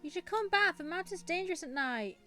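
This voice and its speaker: A bossy, scolding teenage girl from a video game, read aloud by a woman. Her lines come high and lively, full of big-sister nagging, with faint music underneath. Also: fairly quick, heavily acted.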